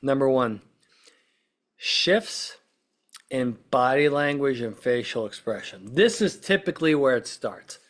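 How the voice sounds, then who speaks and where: A man's voice: medium pitch, a little slow, fairly bright tone. Conversational man who keeps asking "right?". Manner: conversational, peppers points with "right?" and "okay?"; acts out quoted speech in short bursts. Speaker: podcast host, witness-prep consultant. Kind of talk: casual explanatory podcast talk.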